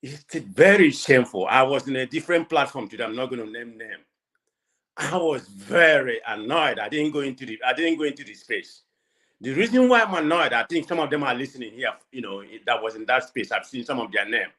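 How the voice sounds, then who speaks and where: A man with a Nigerian accent speaking as a caller on a live audio stream, ranting indignantly and swinging from low, calm talk to loud outbursts. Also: fairly quick. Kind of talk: impassioned live audio commentary.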